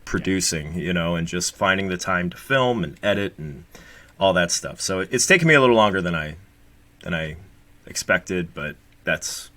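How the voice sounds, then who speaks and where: A man's voice: low-pitched, expressive, normal speed, bright, forceful tone, dry recording. Rambling, swearing man, late 30s. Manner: rambling, profane, jokey. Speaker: guest co-host. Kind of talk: casual podcast chat.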